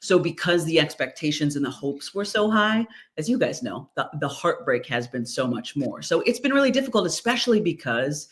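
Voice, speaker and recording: A woman who calls basketball games as a play-by-play announcer, guesting on a podcast in animated, chatty talk. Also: sits low. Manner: animated, chatty, quick storytelling. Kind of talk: casual podcast chat.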